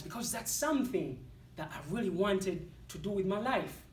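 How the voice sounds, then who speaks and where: A man with an African accent giving a motivational speech to an audience in a competition, with dramatic, deliberate delivery and punchy pauses. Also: high voice, animated. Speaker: motivational speaker. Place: speaking hall with live audience. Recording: echoey hall, voice from far off.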